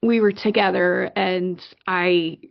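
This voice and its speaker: Brief: middle-aged woman, podcast guest, gravelly edge, animated storyteller, dull lo-fi audio. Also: lowish voice, slow. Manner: animated, excitable storyteller with frequent fillers and restarts. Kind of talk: conversational storytelling.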